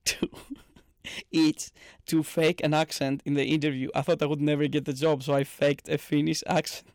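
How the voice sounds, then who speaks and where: A man in his twenties co-hosting a casual comedy podcast, jokey and quick to laugh. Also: a little high, level tone, dry recording, studio quality. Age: 20s. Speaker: podcast co-host.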